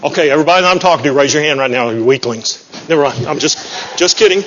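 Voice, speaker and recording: A man preaches in a folksy, joking way, running a little high and husky. His voice rings out with a long hall reverb, and the recording is muffled. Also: expressive, fairly quick, a bit bright. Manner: folksy, joking, self-deprecating. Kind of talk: sermon. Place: church sanctuary.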